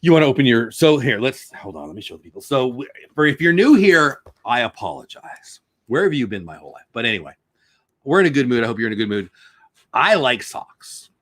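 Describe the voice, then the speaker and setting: A man's voice: mid-range voice, very animated, brisk, fairly bright tone, dry recording. A middle-aged man hosting a casual home livestream, rambling and joking while reading chat comments aloud. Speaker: livestream host.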